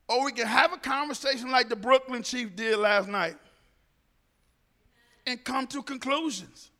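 A man speaking to a group, telling a personal story in an animated way and acting out the dialogue. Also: very high-pitched, a little slow, long pauses, in a large hall.

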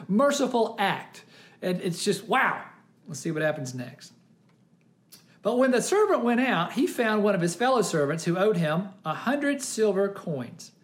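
A preacher works through a parable verse by verse, explaining it in an animated, exclaiming way. The pitch sits in a middle range, and the delivery shifts freely between explanation and emphasis. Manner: animated storytelling, often exclaiming. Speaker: pastor. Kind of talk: sermon.

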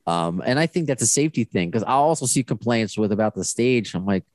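A young man hosting a casual fan podcast, telling stories in a rambling, self-correcting, animated way. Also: medium pitch, fairly quick, dry recording. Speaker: podcast host.

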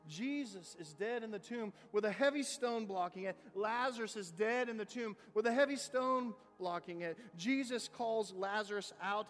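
High-voiced male pastor in a reverberant church. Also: a bit bright. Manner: preaching with rising intensity, reading scripture aloud. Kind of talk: sermon. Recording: long reverb of a big room, faint music.

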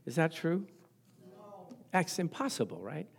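A middle-aged man delivers a sermon with a voice pitched a little higher than most men. He presses his points home by repeating phrases, and he chuckles at his own stories along the way. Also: sing-song, normal speed, pauses often. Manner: emphatic, repeats phrases for stress. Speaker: pastor.

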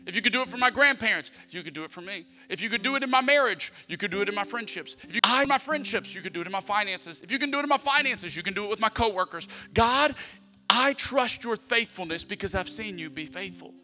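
A man's voice: high-pitched, animated, fast talker. A middle-aged male pastor preaching a conversational sermon, acting out prayers and family moments as he talks. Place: church sanctuary. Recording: long hall reverb with soft music.

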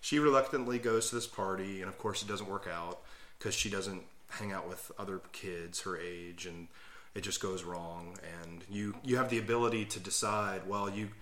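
A man's voice: low voice, fairly even intonation, normal speed, fairly bright tone. Enthusiastic man in a roomy echo. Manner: enthusiastic, rambling explanations. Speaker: podcast co-host. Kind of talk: casual chat.

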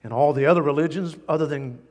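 A man preaching a sermon as a pastor, animated, with sudden jumps in pitch and loudness. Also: fast, in a large hall.

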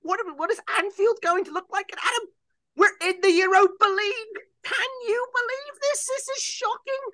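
A wailing Liverpool football pundit. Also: male voice, moderate pace, sharp tone, no echo. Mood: anguished. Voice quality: shrill, wailing, near sobbing. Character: anguished Liverpool football pundit, middle-aged man.

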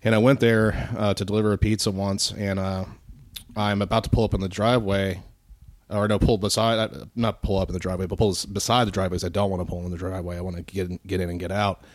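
A man's voice: low-pitched, little pitch movement, fast, no echo, clean studio sound. A man telling a long, profane, rambling anecdote in casual podcast chat, mimicking the people in it. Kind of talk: casual storytelling.

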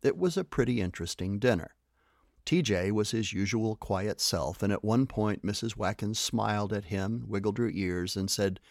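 A man reading aloud a children's story as the storyteller, in an animated storytelling manner. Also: on the low side, normal speed, vocal fry, no echo, clean studio sound.

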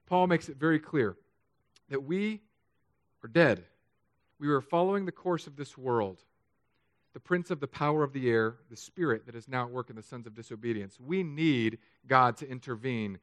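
A man preaching a sermon as pastor, candid and self-deprecating, moving between quiet confiding stretches and emphatic raised passages. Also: medium pitch, normal speed, no room sound.

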